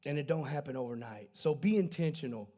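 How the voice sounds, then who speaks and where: A man's voice: mid-range voice, animated, quick pace, mellow. A man preaching a sermon in a folksy, conversational storytelling way, correcting himself as he goes. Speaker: pastor. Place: church livestream.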